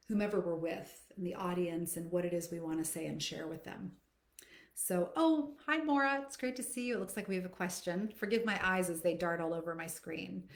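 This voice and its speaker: A woman singing coach answering viewers' questions in a live stream, speaking in a reflective way with many fillers and restarts. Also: fairly low pitch. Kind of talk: live Q&A, conversational teaching. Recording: echoey room.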